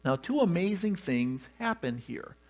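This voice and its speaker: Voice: medium pitch, very animated, a little slow, a little mellow. A pastor preaching a sermon, telling the story with humor and animation.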